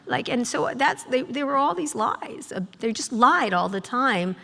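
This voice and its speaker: A middle-aged woman, a journalist guest at a live talk, telling sardonic, profane stories and mimicking people in quick asides. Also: sits high, sing-song, vocal fry, sharp tone. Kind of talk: on-stage storytelling conversation. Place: live event hall with audience. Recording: long reverb of a large hall.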